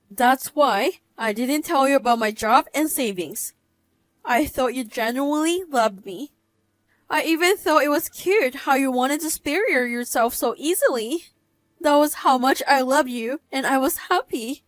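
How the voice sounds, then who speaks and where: A woman in her thirties tells her story in first person, cool and cutting. Her voice is somewhat high and sounds dry and close. She speaks matter-of-factly. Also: unhurried, no room sound. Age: 30s. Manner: cold, cutting, matter-of-fact. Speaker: narrator.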